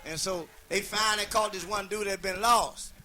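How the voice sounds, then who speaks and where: A man's voice: sits high, steady tone, normal speed, bright, forceful tone, slight background noise. A man telling raunchy comic stories in a profane, folksy, laid-back way. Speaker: comedian.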